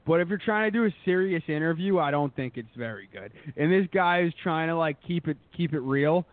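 A man's voice: fairly high pitch, lively intonation, a little fast, dry recording. Profane, rambling man on a tinny line. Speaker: podcast host. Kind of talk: casual chat. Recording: tinny phone-like, dry sound.

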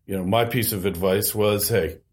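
Low-voiced middle-aged man agreeing. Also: steady tone, moderate pace, darkish tone. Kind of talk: casual chat.

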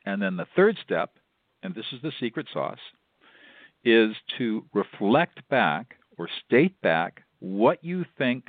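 Older man, low voice, mediator explaining calmly, phone-line sound. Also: dry recording. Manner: measured, instructive, repeats himself. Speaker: mediator and law professor. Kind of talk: radio interview guest explaining.

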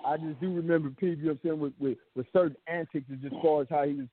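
A man's voice: fairly high pitch, rapid-fire, slightly rough, dry recording. A man with a Bay Area accent in casual chat, telling stories animatedly, laughing often and swearing freely. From San Francisco Bay Area. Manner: animated storyteller, laughs a lot, profane. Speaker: round table guest. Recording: tinny phone-line sound.

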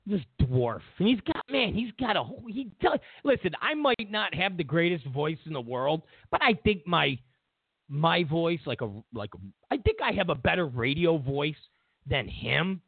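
A man's voice: a little high, sing-song, moderate pace, husky, dry recording. A man hosting a political commentary show, ranting in an incredulous way and repeating himself as he builds his points. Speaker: host. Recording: tinny phone-like dry sound.

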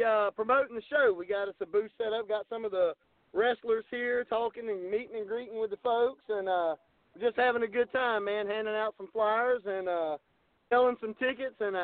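A middle-aged man with a Southern Georgia accent, calling in as a wrestling promoter and talking in a folksy way with many pauses. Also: high voice, no echo. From American South. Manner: folksy, many "uh" fillers, says "y'all" and "yes, sir". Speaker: wrestling promoter, phone-in guest. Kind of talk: casual phone interview. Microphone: phone call. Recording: tinny phone line.

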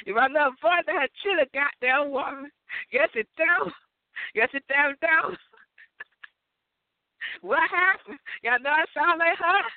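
A high-voiced woman rants in a loud, rambling comic monologue, swearing freely and breaking into laughter. The sound is thin and phone-like, close and dry with no room around it. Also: dry recording. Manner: loud, profane, laughing often. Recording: tinny phone-like audio, dry.

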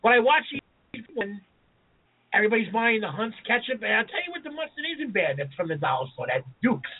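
A co-host rattling through profane stories at speed in a high voice. The sound is thin and phone-like, with faint background noise. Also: male voice, very animated, husky. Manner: rapid, profane storytelling. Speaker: chef and podcast co-host. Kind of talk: casual podcast chat.

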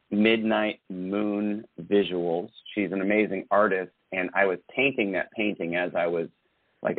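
A man co-hosting a podcast in casual chat, reflective and halting, with many fillers. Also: fairly low pitch, no room sound. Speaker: podcast co-host. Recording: tinny phone-like sound, dry.

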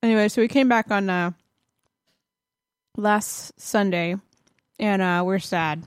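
A woman's voice: medium pitch, slow pace, clear, resonant tone, no echo. A woman co-hosting a podcast in a studio, chatting casually and rambling with restarts. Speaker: podcast co-host. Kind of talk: casual chat.

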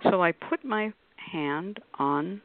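A woman's voice: lowish voice, takes it slowly. A woman on a radio discussion panel, explaining at length in a conversational way and acting out quoted voices in her examples. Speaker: panelist on a call-in radio show. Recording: dry, tinny phone-like line.

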